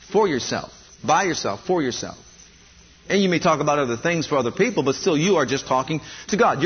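A man's voice: fairly high pitch, slightly rough. A male pastor preaching a sermon, emphatic and repeating his points. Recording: dull lo-fi recording.

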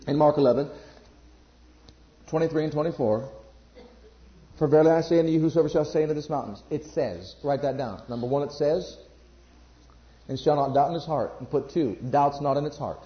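A man preaching a sermon, emphatic, jumping between loud bursts and quiet asides. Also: fairly high pitch, normal speed, long pauses. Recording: echoey room, dull lo-fi sound.

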